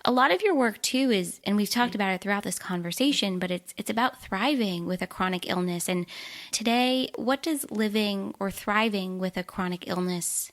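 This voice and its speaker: A woman hosting a podcast interview who reflects back on what her guest says and asks gentle follow-up questions. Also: medium pitch, moderate pace. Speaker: podcast host.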